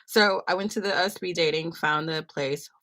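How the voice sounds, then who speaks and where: A woman's voice: lowish voice, moderate pace, bright, forceful tone. A young woman from San Francisco, chatting and rambling through a story on a livestream, full of fillers. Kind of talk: casual storytelling chat.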